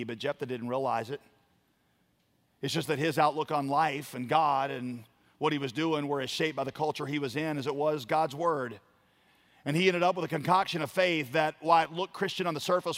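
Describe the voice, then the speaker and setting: A man preaching a sermon, building to loud emphatic lines and dropping to quiet ones. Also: fairly high pitch. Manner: emphatic preaching, dramatic swings in volume. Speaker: pastor.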